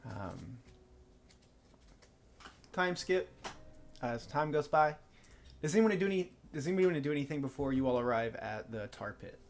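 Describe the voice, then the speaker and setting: Gravelly guy running a tabletop game, lots of ums and restarts. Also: mid-range voice, expressive. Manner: halting, full of fillers and restarts. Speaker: game master.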